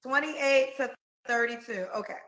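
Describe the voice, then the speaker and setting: A woman interviewing a dating-show guest in a brisk way, repeating her answers back to her. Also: high-pitched, a bit bright. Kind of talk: casual interview. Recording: roomy echoey sound.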